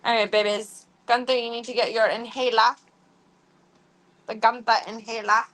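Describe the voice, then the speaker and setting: This is a young woman chatting casually on a stream from her home kitchen. Her voice is bright and clear. She rambles from thought to thought and leans heavily on filler words. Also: a little high, little pitch movement, normal speed, rough recording. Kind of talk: casual chat.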